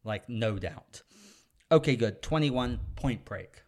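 A man's voice: mid-range voice, lively intonation, takes it slowly, a little mellow. A man co-hosting a podcast, chatting enthusiastically about movies he loves. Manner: enthusiastic, gushing. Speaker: podcast co-host. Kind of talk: casual movie chat.

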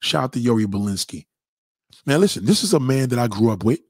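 A man, ranting casually and loudly to his stream viewers, swaggering and laughing often. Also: medium pitch, very animated, quick pace, breathy edge, no echo, clean studio sound. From New York. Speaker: live-stream host. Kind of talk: casual profane rant to viewers.

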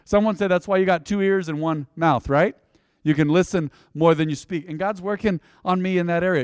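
A pastor preaching a sermon, telling stories and calling on the congregation to repeat after him. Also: male voice, a little high, a little fast, clean tone, no echo, clean studio sound. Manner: animated, storytelling with congregation call-and-response.

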